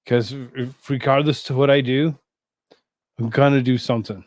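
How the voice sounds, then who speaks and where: A man hosting a live stream, chatting casually with his viewers, rambling and halting, with many fillers and restarts. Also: medium pitch, steady tone, a little mellow, no room sound. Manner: talks to chat viewers between asides.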